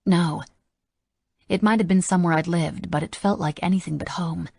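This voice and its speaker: A woman's voice: fairly low pitch, fast talker, vocal fry, a little mellow, husky. A woman narrating a first-person audiobook in a blunt, sardonic manner.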